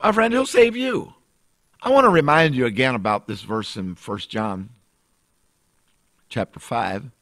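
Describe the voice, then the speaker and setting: A man preaching a radio sermon as pastor, emphatic and repetitive, swinging between loud and soft. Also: fairly low pitch, dry recording.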